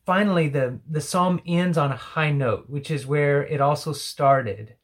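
A Bible teacher giving a devotional sermon and reading scripture aloud, emphatic, swinging from loud exclamations to hushed asides. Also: medium pitch, unhurried.

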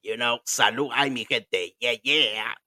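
A man's voice: mid-range voice, unhurried, pushed and bright, no echo, studio quality. A man, hosting a podcast and telling a story in casual chat, laughing and swearing as he switches between English and Spanish. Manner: drinking while talking. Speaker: podcast host.

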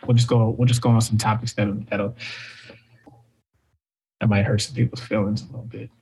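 A man's voice: fairly low pitch, flat delivery, moderate pace, darkish tone, husky. A man co-hosting a podcast, chatting casually with frequent stammered restarts. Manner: stammering restarts, laid-back. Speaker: podcast co-host.

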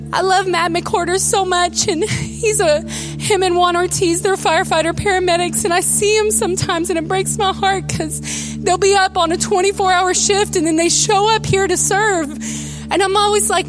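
A woman pastor preaching a sermon, telling stories with animated, emotional delivery that turns tearful at times. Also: very high-pitched, normal speed, music in the background.

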